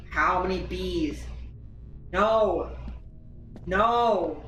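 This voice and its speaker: A woman's voice: lowish voice, big pitch swings, measured pace, pauses often, pushed and bright, slight background noise. A woman streaming a game live, exasperated and cursing at it as she plays. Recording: echoey room, distant mic.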